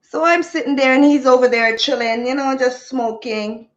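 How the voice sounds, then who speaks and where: A woman's voice: high voice, normal speed, dull audio. A woman telling a rambling story to her live chat in a chatty way, laughing easily. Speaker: vlogger.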